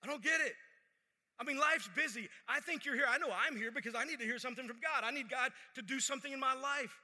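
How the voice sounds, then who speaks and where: A man preaching a sermon to a church service in a conversational way. He repeats phrases and drops to a hush for emphasis. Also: very high-pitched, fast talker, in a large hall. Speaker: pastor.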